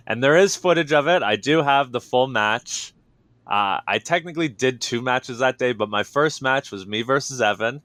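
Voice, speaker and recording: A man in a casual interview, telling his story with lively enthusiasm and frequent fillers. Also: medium pitch, moderate pace, dry recording. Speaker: wrestler, interview guest.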